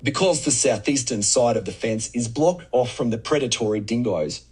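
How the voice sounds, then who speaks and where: A computer-generated man's voice with an Australian accent, reading an explainer script in a steady, measured way. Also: medium pitch, slightly rough. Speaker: text-to-speech narrator. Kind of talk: read-out explainer narration.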